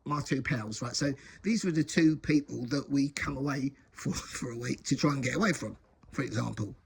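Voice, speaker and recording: Gravelly man telling a rambling story. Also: medium pitch, normal speed, slight background noise. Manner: rambling, many restarts, chuckles often. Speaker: recovery storyteller. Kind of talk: casual spoken storytelling.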